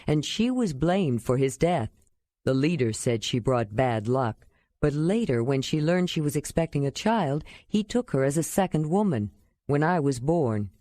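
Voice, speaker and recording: Woman voicing a bitter half-clan man, low voice, grave, dry close sound, audiobook. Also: dark tone, no echo.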